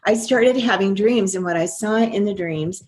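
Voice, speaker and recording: A woman's voice: mid-range voice, normal speed, a little mellow. An older woman, a guest in an interview, telling her story earnestly and quoting her own past thoughts.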